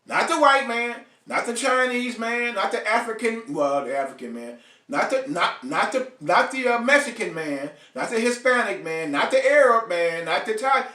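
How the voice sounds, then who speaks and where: A man's voice: very high-pitched, animated, moderate pace, sharp tone, echoey room, distant mic. A man hosting a live online show, ranting bluntly and profanely to his viewers and calling out to them by name. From United States. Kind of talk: ranting live stream monologue.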